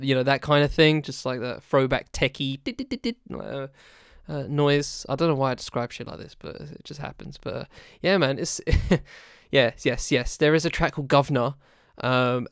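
A man chatting casually about an album, halting and searching for words, laughing often. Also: mid-range voice, smooth, no echo, clean studio sound. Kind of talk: casual music discussion.

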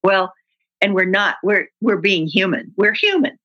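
A woman's voice: medium pitch, unhurried, dull audio. A woman guest who trains people in workplace communication, telling stories in a conversational interview and acting out example dialogue. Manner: animated storyteller who acts out example dialogue.

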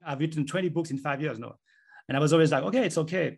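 Guy explaining stuff earnestly in an interview, talks fast, kinda gravelly. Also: on the high side, a little mellow. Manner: earnest, explanatory, talks himself through examples. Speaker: author and guest. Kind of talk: conversational interview.

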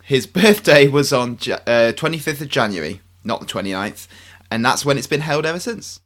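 A man co-hosting a book podcast, with a bright, forceful voice. He reads his lines with nervous little laughs and playful asides. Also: medium pitch, lively intonation, normal speed. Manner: nervous laughs, mock Scottish attempts. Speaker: podcast co-host. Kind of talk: scripted podcast banter.

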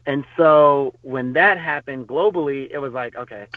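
A man's voice: mid-range voice, measured pace, no room sound. A man, a podcast guest, telling stories in a loose, rambling way with many fillers and restarts. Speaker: podcast guest, former bodyguard. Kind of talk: casual storytelling interview. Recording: tinny phone-line sound.

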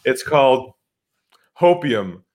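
A man's voice: medium pitch, slow pace. Man telling a sales story with energy. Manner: animated storyteller, acts out phone calls. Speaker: sales trainer guest. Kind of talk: storytelling interview answers.

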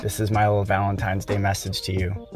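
A man's voice: lowish voice, completely flat delivery, a little fast, over music. An American man hosting a podcast, delivering a heated, profane political rant with emphatic stresses. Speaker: podcast host.

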